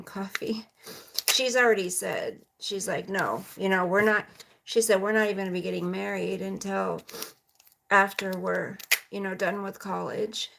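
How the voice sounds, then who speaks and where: Here a mid-range voice with vocal fry comes through some background noise. It belongs to a livestreaming mom vlogger in her forties, who chats and rambles, responding to comments and speaking directly to "you guys."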